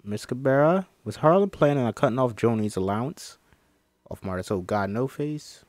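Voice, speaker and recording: A man's voice: mid-range voice, animated, moderate pace, darkish tone, no room sound, lightly acted. A man voicing a courtly, probing male detective in a screenplay table read, drifting in and out of a put-on accent. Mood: insistent.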